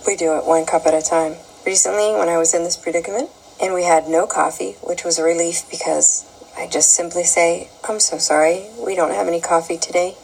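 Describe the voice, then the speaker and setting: A woman reads her own story aloud in a wry, amused tone. Her voice sits low and husky, with a gravelly fry. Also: a little mellow, poor audio. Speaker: flight attendant sending in a story. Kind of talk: reading a written anecdote.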